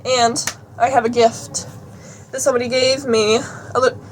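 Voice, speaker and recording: A woman's voice: fairly high pitch, level tone, normal speed, slight background noise. A young woman chatting casually in a vlog, giggly and talkative, reading items aloud. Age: young adult. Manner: chatty, giggly, reads out a list. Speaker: vlogger.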